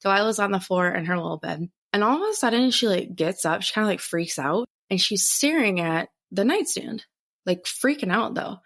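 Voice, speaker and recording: A young adult woman chats on a podcast and tells a story with lively energy, her pitch swinging up and down as she acts out each moment. She swears freely and talks in a relaxed, casual way. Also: normal speed. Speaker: podcast co-host. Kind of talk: casual chat.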